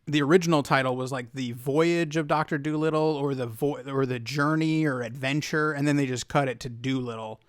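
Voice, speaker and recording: A man's voice: mid-range voice, fairly even intonation, fairly quick, hardly any pauses, smooth, no echo, studio quality. An American man co-hosting a podcast, chatting casually in a rambling way with many restarts. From United States. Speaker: podcast co-host. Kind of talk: casual chat.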